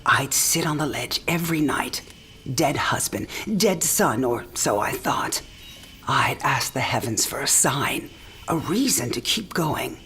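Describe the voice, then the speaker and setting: A woman's voice: rumbling low, expressive, a little slow, fairly bright tone, a little hiss or hum, exaggerated voice. An actress playing a dying old woman who talks frankly, teasing and tender by turns. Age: older. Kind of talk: game cinematic voice acting.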